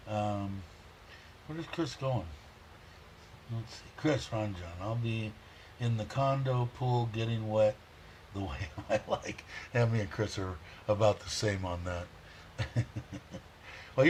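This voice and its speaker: A man hosting a casual livestream, rambling warmly, chuckling and reading viewer comments aloud. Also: on the low side, slight background noise. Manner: heartfelt, chuckles often. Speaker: livestream host.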